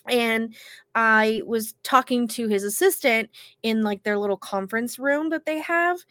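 A woman co-hosting a podcast, still congested from illness, telling an animated story with casual swearing. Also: on the high side, no room sound. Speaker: podcast co-host.

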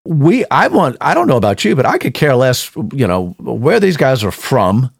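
A man's voice: medium pitch, huge pitch swings, moderate pace, gravelly, dry recording, studio quality. A man hosting a show, giving emphatic casual commentary and often repeating and restarting words. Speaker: show host.

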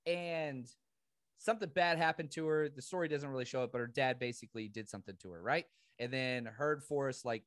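A man from the Southern United States co-hosting a podcast in casual chat, ranting with animated laughs. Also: mid-range voice, no room sound, clean studio sound. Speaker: podcast co-host.

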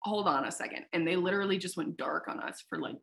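Frank, animated woman telling her story. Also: lowish voice, fast talker, creaky. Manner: animated storyteller who acts out quoted dialogue; frank, swears casually. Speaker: founder of a sex tech company, podcast guest. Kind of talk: casual interview storytelling.

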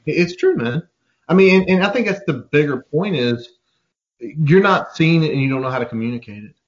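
A man co-hosting a casual sports podcast, talking in an animated, profane way and acting out quoted voices. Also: on the high side, brisk, muffled recording. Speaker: podcast co-host.

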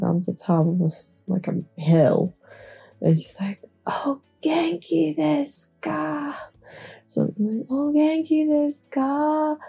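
A woman's voice: medium pitch, vocal fry, warm tone, breathy edge. A young woman rambling casually on an early morning, chatty and giggly, a little groggy, swearing freely. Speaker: podcast host. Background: faint background music.

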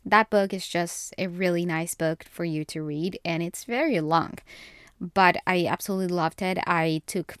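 A woman's voice: fairly low pitch, moderate pace, smooth, no echo, clean studio sound. A young woman hosting a casual solo podcast, chatty and gushing, often correcting herself mid-sentence. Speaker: podcast host.

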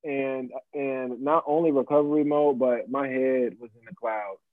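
Speaking unhurriedly in a mid-range voice with fairly even intonation, this mid-twenties guest organizes pop-up shops. He's laid-back and reflective in a casual interview, full of fillers. The audio has a tinny phone-line quality and no echo.

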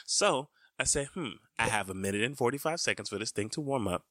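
Bright-voiced young man telling a story. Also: mid-range voice, fairly quick, no room sound. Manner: animated, acts out his own lines loudly. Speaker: podcast co-host. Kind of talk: casual storytelling chat.

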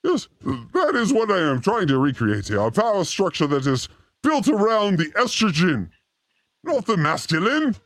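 Irreverent man hosting a live show, lively pitch. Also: moderate pace, dry recording, studio quality. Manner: provocative, jokey and irreverent. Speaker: host. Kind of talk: casual live-stream chat.

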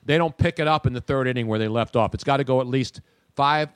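A man's voice: mid-range voice, quick pace, smooth, no echo. A man hosting a sports podcast, blunt and opinionated in casual chat. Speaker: podcast host.

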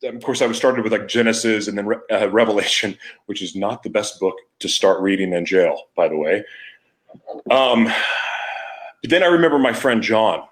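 Candid low-voiced man confessing. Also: animated, moderate pace, fairly bright tone. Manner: candid, emotional, with frequent restarts. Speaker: podcast host. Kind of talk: confessional personal storytelling.

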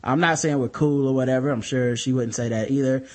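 A man's voice: mid-range voice, steady tone, brisk, darkish tone. Laid-back, profane male podcast co-host. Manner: laid-back, rambling, profane, with many fillers. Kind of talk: casual podcast chat.

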